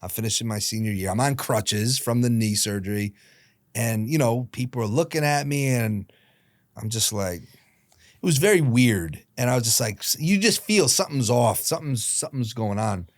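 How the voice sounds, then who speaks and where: A man in his late thirties recounts his story as a podcast guest, lively and quick with asides. He slips into the voices of the people he quotes. The sound is dry and close, with no room around it. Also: medium pitch, no echo. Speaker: guest, hockey team founder.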